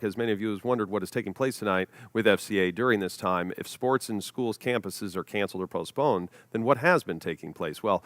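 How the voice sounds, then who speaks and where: A man's voice: lowish voice, a bit bright, dry recording. A man hosting a charity gala livestream, calling a party game play-by-play and laughing between lines. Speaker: gala host. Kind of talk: livestream emcee, game commentary.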